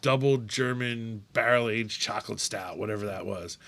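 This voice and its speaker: A man with a lowish voice talks at a moderate pace while co-hosting a casual beer podcast. He's an animated storyteller who laughs often and acts out voices as he chats.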